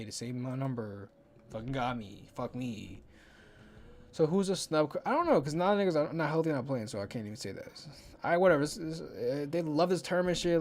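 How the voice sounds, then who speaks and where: A man's voice: mid-range voice, a little mellow. A young man hosting a solo podcast in casual chat, rambling and swearing, counting under his breath while he thinks aloud. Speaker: podcast host.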